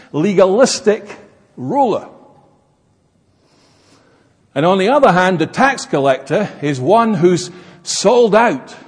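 A man's voice: sits high, darkish tone, slightly rough. A man preaching a sermon in an emphatic, explanatory manner, recorded in an echoey hall. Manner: emphatic, expository.

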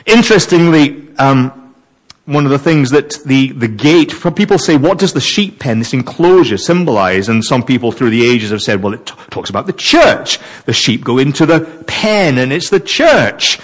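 A man's voice: medium pitch, moderate pace. A man preaching a sermon, reading verses and wondering aloud over their meaning. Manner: animated, wondering aloud, mixes reading with asides.

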